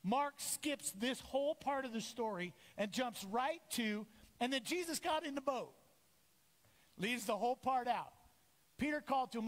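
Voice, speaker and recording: A middle-aged male pastor preaching a sermon, lively and storytelling, acting out the voices of the people in his story. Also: extremely high pitch, a little slow, big-room sound. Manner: animated, acts out voices of biblical figures. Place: church sanctuary.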